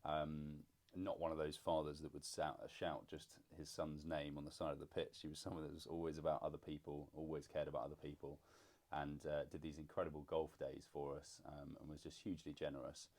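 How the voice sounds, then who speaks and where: A man with an extremely deep, level voice talks in a relaxed, casual way. He listens supportively, chiming in with short replies and laughing easily. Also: brisk, few pauses. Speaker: podcast co-host, son. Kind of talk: casual conversation.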